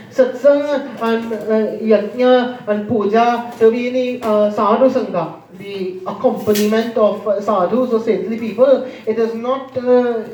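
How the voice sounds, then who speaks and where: A man's voice: high-pitched, a little mellow. A man preaching as a religious teacher, retelling a holy story, putting questions to his listeners and breaking into chanted verses. He sounds far from the mic in a reverberant hall, on a muffled, lo-fi recording. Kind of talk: sermon storytelling. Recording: distant, roomy, dull lo-fi.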